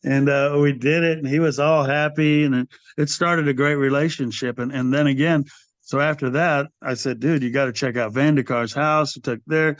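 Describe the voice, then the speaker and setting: An older man in his sixties tells stories on a podcast, lively and loose, slipping into the voices of the people he quotes. His voice sits at an everyday pitch. The recording is dry and a little dull, with no room sound. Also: normal speed, no echo. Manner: animated storyteller who acts out quoted people, calls the host brother. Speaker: interview guest, metal singer. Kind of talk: casual storytelling interview.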